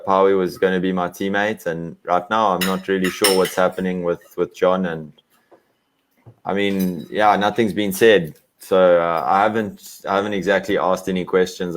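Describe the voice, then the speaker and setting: A young man from South Africa, a racer answering questions in a relaxed video-call interview, easygoing and quick to laugh. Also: low-pitched. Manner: easygoing, laughs often, filler-heavy. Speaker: guest, racer.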